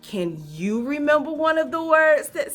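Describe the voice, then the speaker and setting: A woman teacher leading a phonics lesson for young children, speaking slowly in an encouraging sing-song and asking many questions. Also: high voice, sing-song, a bit bright, soft background music.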